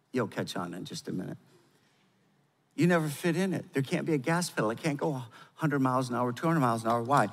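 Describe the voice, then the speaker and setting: An older man preaching a sermon as pastor, with emphatic delivery that swings from loud urgency to quiet gravity. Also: medium pitch, animated, fast talker. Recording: long hall reverb.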